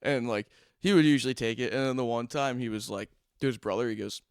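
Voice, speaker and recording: A man's voice: mid-range voice, fairly quick, clear, resonant tone, no room sound, clean studio sound. Young man laughing through a casual story. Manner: laughs through his stories, profane and animated. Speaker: podcast co-host. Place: podcast studio. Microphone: studio microphone.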